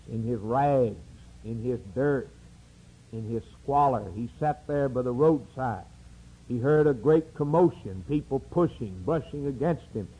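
A male preacher delivers a sermon at a slow, deliberate pace. His voice is husky and mellow, and his pitch swings widely from loud emphatic peaks down to hushed low phrases. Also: low-quality recording. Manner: dramatic preaching with sweeping rises and drops.

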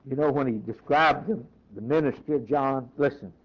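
A man's voice: mid-range voice, normal speed. A man preaching a sermon, reading scripture aloud and then driving points home in short emphatic phrases. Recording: dull lo-fi recording.

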